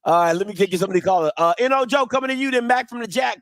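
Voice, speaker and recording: A man's voice: sits high, racing, no echo. A man hosting a sports call-in show, teasing his co-host and taking callers. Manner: laughs often, teasing, lively. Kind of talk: sports radio call-in banter.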